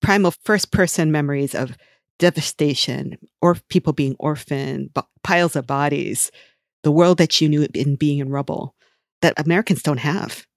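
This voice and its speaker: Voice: medium pitch, normal speed, vocal fry, no echo. Earnest podcast speaker, dry sound. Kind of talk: casual chat about comics.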